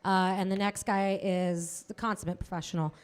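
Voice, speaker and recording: A woman's voice: mid-range voice, little pitch movement, clear, resonant tone. A woman hosting a comedy night in a small club, chatting casually between acts and bringing up the next comic. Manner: chatty, ends with a loud drawn-out introduction. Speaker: comedy show host.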